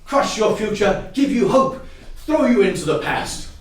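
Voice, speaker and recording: English male improviser, high lively voice, heard from afar in an echoey hall. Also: a little slow, recorded from a distance. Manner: animated, laughing often, repeating audience suggestions. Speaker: improv storyteller. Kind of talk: improvised comic narration. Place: theatre stage with live audience.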